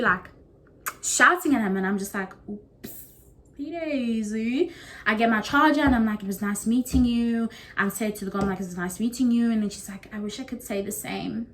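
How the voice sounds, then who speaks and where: A young woman from South Africa with a South African accent, telling a story casually to camera and acting out what others said. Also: slight background noise. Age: young adult. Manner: animated, acts out quotes with big pitch jumps. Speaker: YouTuber.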